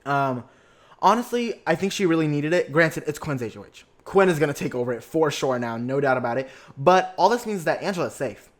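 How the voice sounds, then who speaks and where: Sassy, excitable young man hosting a podcast. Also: on the high side, fast. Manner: sassy and excitable, heavy slang and swearing. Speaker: podcast host. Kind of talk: casual reality-TV recap.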